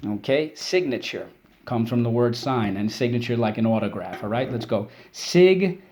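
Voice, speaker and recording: A man teaching a spelling and vocabulary lesson for kids, explaining words patiently and drilling them in call-and-response with quick praise. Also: mid-range voice, a little mellow, slight background noise.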